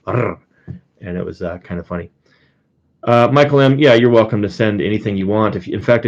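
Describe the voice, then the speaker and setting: A man's voice: sits low, darkish tone, dull audio. A man casually chatting on a test live stream, rambling and greeting viewers by name, with frequent fillers and restarts. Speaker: streamer and coin collector.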